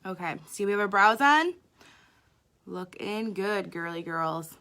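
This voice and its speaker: Bright, sharp-toned woman, mid-pitched, chatty makeup artist talking viewers through a live tutorial. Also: lively intonation, unhurried. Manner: chatty, talks straight to viewers.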